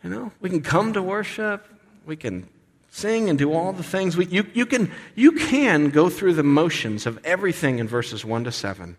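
Man, pastor, expressive sermon, reverberant church hall. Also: high voice, moderate pace. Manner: animated, acts out voices of complaining people.

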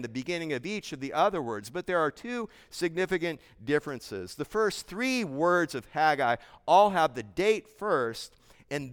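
A man's voice: a little high, fairly bright tone, clear, resonant tone. A man preaching an expository sermon, earnest and emphatic, reading scripture aloud and explaining it verse by verse. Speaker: pastor. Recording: long hall reverb.

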